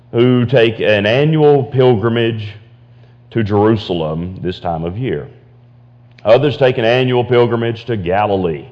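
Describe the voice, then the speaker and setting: A man's voice: fairly low pitch, darkish tone, highs cut off. A man preaching a sermon as pastor, repeating phrases and stumbling into restarts as he builds to emphatic points. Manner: preaching with repetitions and stammered restarts, rising to emphatic. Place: church.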